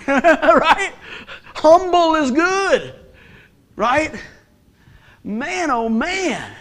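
A man's voice: very high voice, very animated, drawn-out words, a bit bright. A middle-aged man, a pastor preaching a sermon in a conversational, humorous way with call-and-response.

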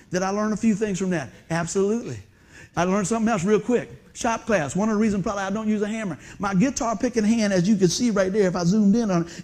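A man preaching a humorous storytelling sermon in a church, animated and laughing often, breaking into excited whoops. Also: high-pitched. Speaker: pastor. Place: church sanctuary before a congregation.

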